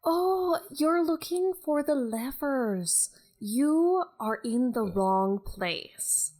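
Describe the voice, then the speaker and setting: A woman playing a Scottish shipboard bookworm, courteous, slow, high voice, quick to suspicion. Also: expressive, a little mellow, heavily acted. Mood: ominous. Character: polite, prickly young woman reading aboard a ship.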